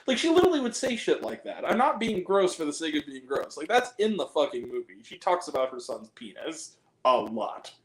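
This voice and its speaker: High-voiced man, lively swooping delivery, profane animated ranting, roomy echo. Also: brisk, few pauses. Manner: animated, laughing, profane storytelling. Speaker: podcast co-host reviewing films. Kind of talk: casual chat.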